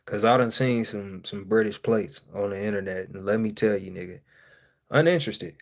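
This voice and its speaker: A man hosting a casual live-stream Q&A, swearing freely and joking with viewers, laughing often and swinging between loud outbursts and quiet asides. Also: on the low side, normal speed. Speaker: streamer host.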